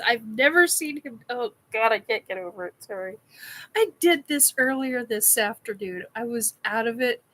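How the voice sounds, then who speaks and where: A woman's voice: fairly high pitch, expressive, normal speed, sharp tone. A woman hosting a casual live chat, giddy, laughing often and swearing while she answers comments. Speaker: live stream host. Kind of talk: casual live chat reacting to a painting video.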